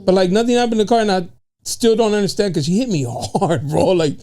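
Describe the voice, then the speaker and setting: Guy on a podcast telling a car crash story, cussing, laughing, warm-ish voice. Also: high-pitched, fast talker. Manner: animated, swears a lot, laughs often. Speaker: podcast co-host. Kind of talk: casual chat.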